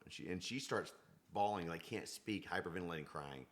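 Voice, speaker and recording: A man's voice: sits low, a little fast. A man, a country singer guest telling stories in a casual podcast chat and acting out what people said. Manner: animated storyteller, acts out quoted exchanges.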